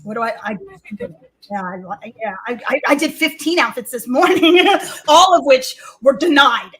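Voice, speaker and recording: A woman's voice: high voice, expressive, unhurried, fairly bright tone, slightly rough. A woman co-host telling rambling, profane stories on a comedy talk show, acting out the other people in them. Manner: profane, rambling, acts out quotes.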